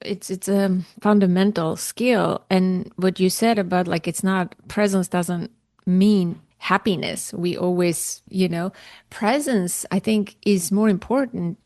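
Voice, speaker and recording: A woman's voice: fairly low pitch, a little slow, a little mellow, no room sound, clean studio sound. A woman hosting a parenting podcast and talking casually, thinking aloud as she goes. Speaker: podcast host. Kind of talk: podcast interview.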